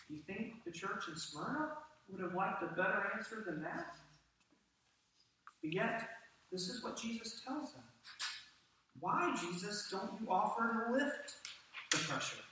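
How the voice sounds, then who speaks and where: Man, sermon, high voice, animated preaching, roomy hall echo, slightly distant mic, faint clicks. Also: slight background noise. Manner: animated preaching, asks the congregation questions. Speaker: pastor. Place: church sanctuary. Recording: echoey church hall from off-mic.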